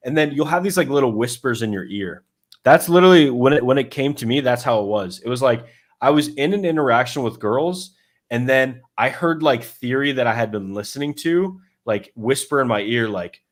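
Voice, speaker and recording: A man's voice: medium pitch, animated, a little fast. Male dating coach, casual explainer, mid-range voice, chatty and loose, restarts a lot. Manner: loose and conversational, many fillers and restarts, acts out his own inner thoughts.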